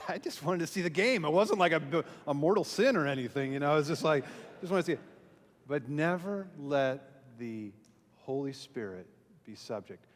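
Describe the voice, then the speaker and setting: A pastor and small group speaker tells a self-mocking story to a church audience, acting out the voices he quotes. His voice is a little high with lively intonation at normal speed, and the live venue adds long hall reverb.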